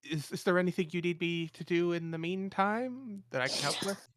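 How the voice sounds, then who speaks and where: A man's voice: high-pitched, normal speed, noisy background, voice pushed up, lightly acted. A man doing a flustered young priest's assistant. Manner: hesitant, stumbling with many "uh"s.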